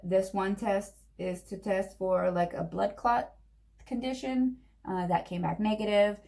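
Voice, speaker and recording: A young woman telling a long personal story in a chatty, animated way while doing her makeup. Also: mid-range voice, unhurried, creaky. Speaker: vlogger. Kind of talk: get-ready-with-me storytime.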